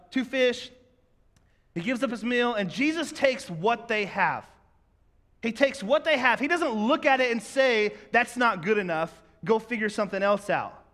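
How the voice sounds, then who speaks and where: A man's voice: high-pitched, sharp tone. A man preaching a sermon, talking conversationally to the congregation and asking rhetorical questions. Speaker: pastor. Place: church sanctuary. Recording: echoey hall.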